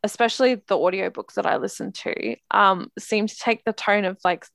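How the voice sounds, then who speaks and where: A woman in an easy, rambling chat about a novel she found heavy going. Her sentences wander with frequent fillers and restarts. Her voice sits at a middling pitch, recorded close and dry. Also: brisk, vocal fry, hardly any pauses, no room sound. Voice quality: chatty, many fillers and "like". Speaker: podcast co-host discussing books. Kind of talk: casual book chat.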